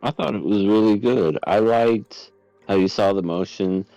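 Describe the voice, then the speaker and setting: Man, very deep voice, dry close sound, rambling casual podcast talk, faint music. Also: moderate pace, dark tone, no room sound, highs cut off. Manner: laid-back, rambling, hesitant restarts. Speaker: podcast co-host. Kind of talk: casual chat.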